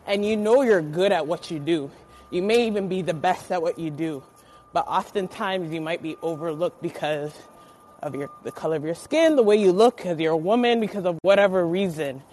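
A woman actor speaking in a reflective, measured way as a guest in a casual podcast interview. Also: on the low side, darkish tone, a little hiss or hum, poor audio.

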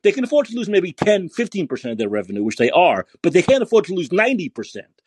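Sarcastic man ranting on his podcast, lots of cursing, kinda high voice. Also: wildly swooping pitch, fast, a little hiss or hum. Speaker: podcast host. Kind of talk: angry political rant. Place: San Francisco.

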